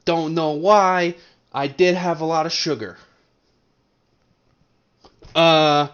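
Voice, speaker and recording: A man's voice: high-pitched, slow, pauses often, fairly bright tone, muffled recording. A young man from Colorado hosting a casual fantasy league recap to camera, rambling and teasing his friends. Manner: rambling, joking, teasing banter. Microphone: webcam setup at a desk.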